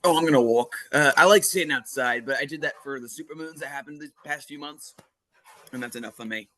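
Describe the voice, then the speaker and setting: A man guest chatting casually on a video call, rambling with halting restarts. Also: fairly high pitch, steady tone, pushed and bright, a little hiss or hum. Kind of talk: casual chat.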